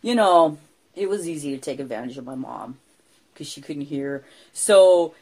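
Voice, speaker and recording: A woman co-hosting a podcast, telling a story casually in an animated, self-deprecating way with lots of fillers. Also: sits low, normal speed, husky. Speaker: podcast co-host, storyteller in character.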